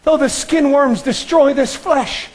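Old Job, awestruck and fervent, as voiced by a male preacher; high-pitched. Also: measured pace. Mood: awed. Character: Job, aged faithful man beholding his Redeemer.

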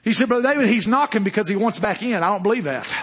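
A male preacher delivering a fervent sermon, rising to shouts and dropping low again. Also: lively intonation, rapid-fire, a little hiss or hum.

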